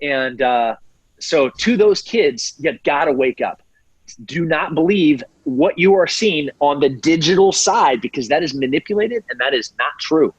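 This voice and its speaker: A man's voice: fairly high pitch, a little slow, husky, no room sound, highs cut off. A middle-aged American man speaking as an interview guest with passion, acting out other people's voices in mocking tones. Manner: animated, acts out quoted voices mockingly. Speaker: podcast guest. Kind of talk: impassioned interview talk.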